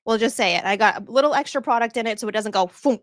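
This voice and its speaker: A woman's voice: a little high, fast, dry recording, clean studio sound. A woman with a Boston accent hosting a casual livestream, bubbly and effusive as she thanks viewers and laughs often. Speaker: livestream host. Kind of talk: casual live-stream chat thanking viewers.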